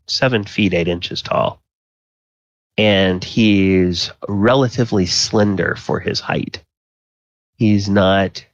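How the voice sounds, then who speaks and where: A man running a tabletop game as dungeon master, narrating slowly with many ums and uhs. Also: lowish voice, no echo, muffled recording. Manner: slow, filler-heavy descriptive narration.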